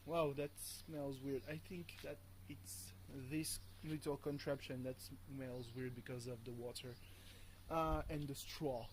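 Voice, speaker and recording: A man's voice: fairly high pitch, a little hiss or hum, rough recording. A man, rambling casually and swearing freely while vlogging from home on a hot morning. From France. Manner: rambling and profane, with many fillers and chuckles. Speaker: video blogger.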